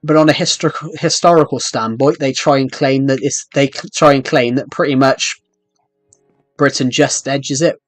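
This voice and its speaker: A man's voice: medium pitch, steady tone, moderate pace, few pauses, no room sound, soft background music. A man hosting a gaming channel, chatting casually and rambling, with frequent restarts and fillers. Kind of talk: casual chat over gameplay.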